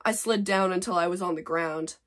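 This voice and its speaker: A woman in her twenties, a vlogger, reads her old fanfic aloud while adding sarcastic, exasperated commentary and laughing at herself. Her voice is on the low side and fairly quick.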